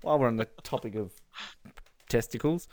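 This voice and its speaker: A man's voice: medium pitch, brisk, a little mellow, dry recording, studio quality. A man co-hosting a casual film commentary podcast, joking around and laughing often. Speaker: podcast co-host.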